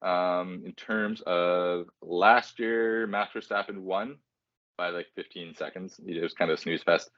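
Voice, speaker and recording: A man's voice: deep voice, fairly even intonation, a little slow, fairly bright tone, no room sound. A man co-hosting a podcast, chatting casually and rambling with many fillers and self-deprecating asides. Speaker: podcast co-host. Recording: dry, dull lo-fi sound.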